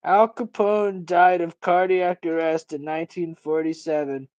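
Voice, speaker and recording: A man's voice: on the high side, level tone, unhurried, darkish tone, no room sound, muffled recording. A man hosting a casual livestream, talking in a rambling, profane, ranting way. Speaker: livestream host.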